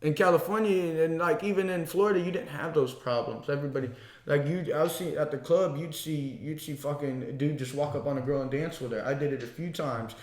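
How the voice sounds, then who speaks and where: Speaking fairly quickly in a voice on the high side, a young Missouri man who kickboxes as an amateur guests on a podcast. His casual, animated stories wander, full of profanity and restarts. The room is echoey.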